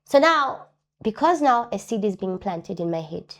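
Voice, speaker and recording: A woman's voice: medium pitch, moderate pace. Woman, interview guest, personal testimony; mid-range voice, earnest, repeats lines for weight. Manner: earnest, repeats key phrases for emphasis; acts out other people's words in lively voices.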